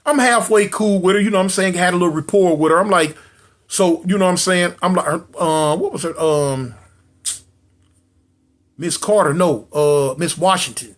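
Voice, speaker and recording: Lively high-voiced man telling a story. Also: moderate pace. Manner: animated, repeats phrases, acts out quotes. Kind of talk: casual prison storytelling.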